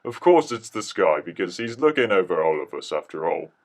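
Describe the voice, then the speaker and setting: A man's voice: low voice, big pitch swings, a little fast. Rambling man telling a silly story. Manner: rambling, jokey, with profanity and restarts. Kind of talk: mock-documentary comic narration.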